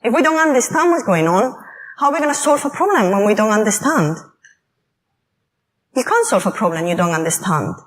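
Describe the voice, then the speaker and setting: Animated woman speaker at a conference. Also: a little high, fairly quick, long pauses, poor audio. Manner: lively, animated storytelling with acted-out quotes. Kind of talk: personal talk on mental health. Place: conference hall.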